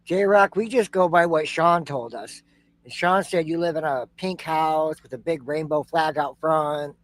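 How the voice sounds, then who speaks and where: A man's voice: fairly high pitch, measured pace. A man co-hosting a reaction show, giving incredulous, sarcastic commentary.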